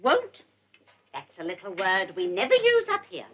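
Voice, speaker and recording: A woman's voice: on the high side, huge pitch swings, unhurried, bright, forceful tone, dull audio, slight background noise, exaggerated voice. A woman playing a fussy, doting old nanny in a 1950s British film, scolding grown men in baby talk. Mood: scolding, coaxing. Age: older. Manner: baby-talking, scolding like to a child.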